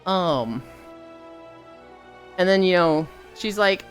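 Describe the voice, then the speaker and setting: A woman streamer telling a casual story while walking, lively and swearing, putting on higher voices when she quotes people. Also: unhurried, pauses often, soft background music.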